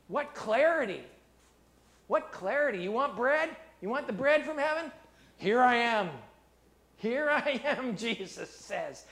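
A man with a fairly high voice preaching a sermon. He drops low and soft for the scripture passages, then lifts his voice loud and animated when he drives a point home. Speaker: pastor.

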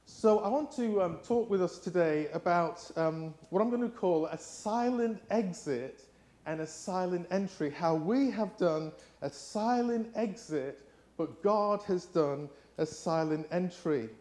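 A middle-aged preacher with an English accent, delivering a sermon in a fairly high-pitched voice. He tells stories easily, often restarting and filling gaps with ums as he goes. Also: expressive, a little slow. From England. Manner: warm storytelling with frequent fillers and restarts. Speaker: guest preacher.

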